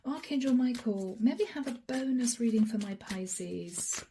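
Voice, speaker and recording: A woman giving a channeled tarot reading in a hoarse, raspy voice that is fading, speaking softly with whispered asides. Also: fairly high pitch, animated, measured pace, a little hiss or hum. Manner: soft-spoken with whispered asides. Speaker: tarot card reader.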